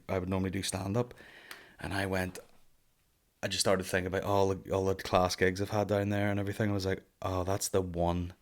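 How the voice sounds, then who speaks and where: A man, a stand-up comedian hosting his own podcast, rambling in a loose, profane, jokey monologue. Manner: jumps into loud high mock voices for bits.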